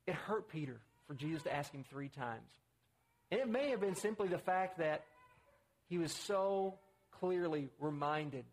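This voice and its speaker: A man preaching a conversational sermon, acting out the quotes he reads. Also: slight background noise. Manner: conversational, acts out quotes with rising pitch.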